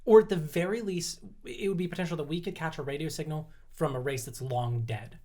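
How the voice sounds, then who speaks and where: A man's voice: a little high, brisk, warm tone. A man co-hosting a casual podcast, explaining at length, laughing often and swearing casually. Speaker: podcast co-host. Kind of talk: casual chat.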